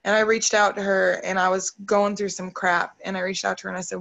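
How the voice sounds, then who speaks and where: Gravelly-voiced woman leading a video call. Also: mid-range voice, little pitch movement, a little fast, a bit bright, highs cut off. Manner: emotional, upbeat, talks straight to the group. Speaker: team leader hosting a video call. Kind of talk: motivational talk on a video call.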